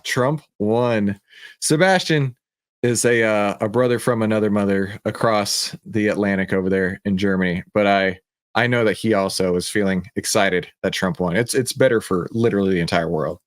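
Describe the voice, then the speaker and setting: A middle-aged man hosts a casual livestream, chatting excitedly and reading viewer comments aloud. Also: fairly low pitch, moderate pace, no echo, studio quality. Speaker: show host.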